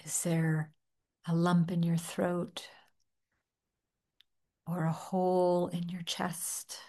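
A woman guides a meditation in an unhurried, gentle voice, leaving long pauses between phrases. Her voice sits a little low and stays soft-spoken throughout. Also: level tone. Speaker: meditation teacher.

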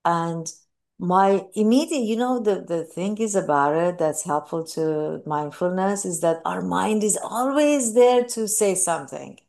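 A woman with a slightly low voice speaks earnestly and reflectively in a personal talk on mindfulness and grief. She often pauses and restarts her sentences. When she retells moments, her voice leaps up with feeling. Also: vocal fry, darkish tone.

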